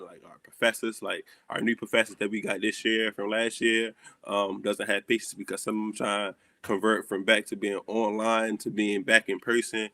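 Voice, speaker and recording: Bright, punchy young man hosting. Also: fairly low pitch, no room sound. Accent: American Southern. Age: young adult. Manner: animated storytelling, acts out dialogue. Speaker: host. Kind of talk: casual livestream chat.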